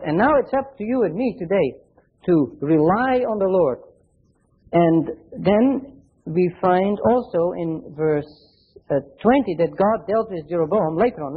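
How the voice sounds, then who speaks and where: A man whose first language is Dutch, teaching a Bible study talk, measured and stressing key words as he cites verses. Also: high-pitched, breathy edge. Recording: phone-like lo-fi recording.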